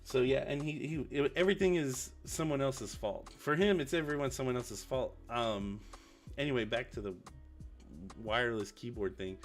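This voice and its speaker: A young man vents in a loose, profane, storytelling ramble. His voice sits at a middle pitch and jumps up whenever he mimics someone else. Faint music plays softly underneath. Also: moderate pace. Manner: ranting, profane, quotes people with raised pitch. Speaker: streamer. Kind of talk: casual venting story.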